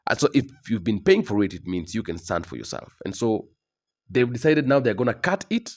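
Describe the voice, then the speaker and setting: A young man lectures in an emphatic monologue, driving points home with repetition and tag questions. His voice sits on the low side. It rises and falls in lively swings as he argues. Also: fairly quick. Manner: emphatic, repetitive, lecturing with frequent "okay?" tags. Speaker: commentator. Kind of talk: opinion monologue.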